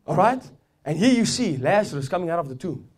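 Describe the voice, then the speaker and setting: This preacher's high-pitched voice is sing-song, brisk, and a little mellow. His sermon is fervent, returning to repeated phrases while the intensity keeps building.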